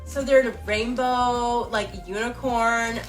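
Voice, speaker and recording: A woman's voice: a little high, steady tone, takes it slowly, soft background music. A young woman YouTuber gushing and giggling as she unboxes a gift on camera at home. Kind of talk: casual emotional unboxing chat. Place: home recording with someone filming. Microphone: camera mic, person filmed by someone else.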